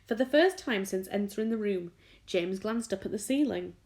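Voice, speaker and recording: A woman teacher reading a children's book aloud with expressive storytelling. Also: mid-range voice, normal speed.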